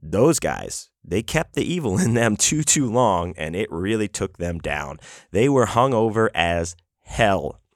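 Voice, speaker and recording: On his podcast, a man with a lowish voice and big swings in pitch recounts a road trip tale at a measured pace. The telling is loose, profane, and littered with fillers and false starts; the studio-quality audio has no echo.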